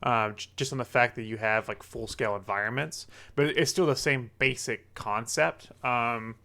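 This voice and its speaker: A man's voice: mid-range voice, sharp tone. Eager man chatting with lots of "like". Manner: enthusiastic, halting, heavy use of "like". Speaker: podcast co-host. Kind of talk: casual gaming podcast chat.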